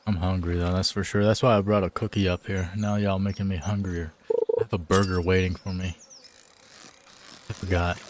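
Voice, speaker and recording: A man's voice: low voice, level tone, normal speed, a little hiss or hum. A man chatting casually on a live game stream, laid-back and joking, full of slang.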